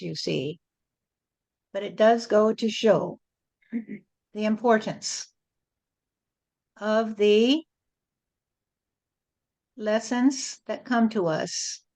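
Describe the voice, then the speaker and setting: A woman speaking as a spiritual channel, delivering a message in a slow, repetitive, rhyming preaching cadence. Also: mid-range voice, a little mellow. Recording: dull lo-fi recording.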